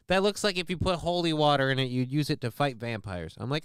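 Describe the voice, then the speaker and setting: A man's voice: fairly high pitch, lively intonation, quick pace, fairly bright tone, smooth, no room sound, clean studio sound. A man hosting a livestream, talking casually in a rambling, profane, self-mocking way. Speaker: livestream host.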